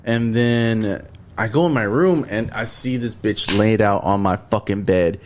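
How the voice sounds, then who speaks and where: A man's voice: on the low side, a little slow, a little mellow, a little hiss or hum. A young man hosting a podcast, telling a profane story in casual chat and acting out what people said. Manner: storytelling, profane, acts out quotes. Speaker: podcast host.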